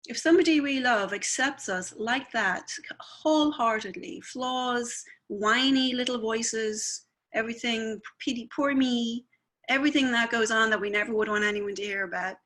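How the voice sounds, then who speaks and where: A woman's voice: a little high, a bit bright. A woman who works as a spiritualist medium, talking in a chatty, rambling way and often checking with "right?". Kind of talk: conversational talk.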